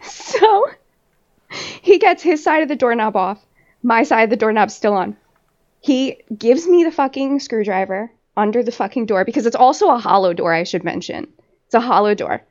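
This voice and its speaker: A woman podcast host tells a story in casual chat, laughing often and swearing freely as she rambles through fillers. Her voice sits a little high and comes through dull, lo-fi audio. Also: expressive, normal speed, a little mellow. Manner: laughs often while telling.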